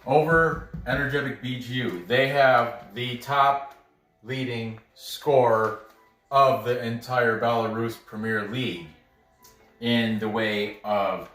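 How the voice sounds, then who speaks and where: A man's voice: mid-range voice, fairly even intonation, slow, a bit bright, faint music behind. A man casually breaking down soccer matches for bettors, thinking aloud and stumbling over names. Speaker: sports betting analyst. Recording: roomy, mic at a distance.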